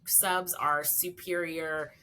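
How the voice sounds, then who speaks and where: A woman in her forties, a podcast guest, telling a story in a chatty, animated way with many fillers. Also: sits low, slow. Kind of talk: casual storytelling.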